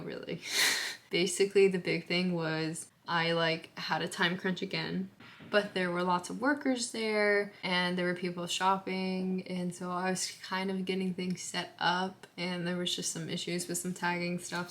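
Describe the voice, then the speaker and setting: Tired young woman, chatty vlog ramble. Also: on the low side. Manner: chatty, rambling, frequent "like" fillers. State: tired and sleepy. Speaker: crochet vlogger. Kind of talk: casual vlog talk to camera.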